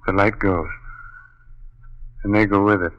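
A shaken husband, played by a man, hushed and awestruck as he describes what he sees. His voice sits fairly low and bright, slow, on a dull, faintly hissy old radio recording. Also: fairly even intonation, lightly acted. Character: shaken husband witnessing a ghostly scene. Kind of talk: 1930s radio drama acting.

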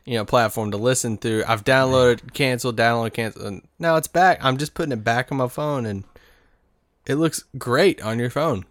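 A man's voice: medium pitch, moderate pace, no echo, clean studio sound. A man co-hosting a casual sports podcast, easygoing and explaining things at length. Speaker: podcast co-host.

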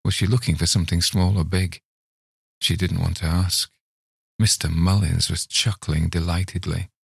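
A man narrates a story in a measured, unhurried way, his voice very low and gravelly. The recording is close and dry, with no room sound. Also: fairly even intonation, no room sound. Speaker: reader of stories.

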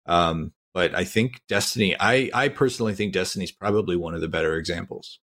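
A man co-hosting a gaming podcast, talking quickly and thoughtfully with stumbling starts. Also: low-pitched, fairly bright tone. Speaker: podcast co-host. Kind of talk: casual gaming podcast chat.

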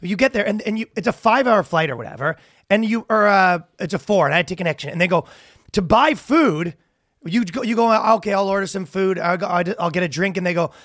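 A man's voice: high-pitched, fast talker, no room sound, studio quality. A man co-hosting a podcast, chatting casually and acting out the people in his rants. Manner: animated storytelling with acted-out quotes. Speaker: podcast co-host. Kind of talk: casual comedic chat.

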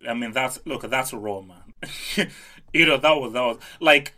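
Co-host man, bright voice, quick questions, stumbles on words. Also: mid-range voice. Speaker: podcast co-host. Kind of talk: casual chat.

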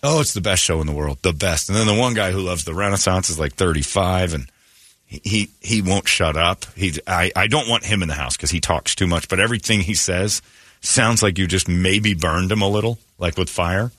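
Morning radio host, male, low bright voice, dry close mic, animated storyteller. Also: a little fast, no echo. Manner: animated storyteller, acts out quotes in raised voices. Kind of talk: casual morning radio banter.

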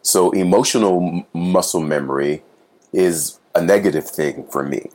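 Deep-voiced actor guy chatting about his work, earnest, thinks out loud. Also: normal speed. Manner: earnest, reflective, acts out little voices when telling stories. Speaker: Broadway actor guest. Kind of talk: casual interview chat.

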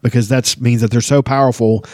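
A man's voice: mid-range voice, fairly even intonation, a little fast, warm tone, dry recording, studio quality. A man hosting a casual book podcast, reading passages aloud and rambling between them with frequent ums and you-knows. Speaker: book discussion podcast host.

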